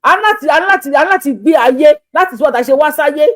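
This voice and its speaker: A high-pitched Nigerian woman speaks directly to her viewers in an urgent plea. She begs again and again, racing through some lines and drawing others out slowly. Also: lively intonation, a bit bright. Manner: pleading, begging, repetitive; shifts between fast talk and slow drawn-out appeals. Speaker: social media creator. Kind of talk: impassioned plea to camera.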